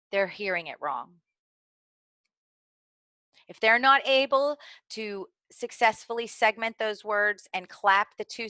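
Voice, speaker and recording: Speaking to teachers about early literacy skills, this middle-aged woman with a Southern American accent is earnest and explanatory, sometimes using fillers or restarting. The recording has no room sound, and her mid-range voice sounds sharp.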